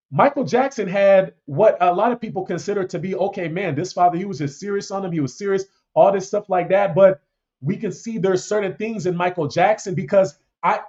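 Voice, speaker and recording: Preachy man with a higher voice, lo-fi. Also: darkish tone. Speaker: podcast host. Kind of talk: opinionated casual commentary.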